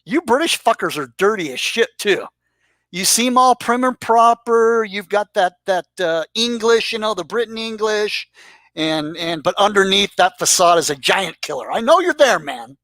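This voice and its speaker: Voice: medium pitch, expressive, moderate pace, fairly bright tone, no echo. A YouTube commentator talking casually and crudely as he roasts the regulars of a live-stream chat, teasing and rambling. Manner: rambling with restarts. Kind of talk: casual profane roast monologue.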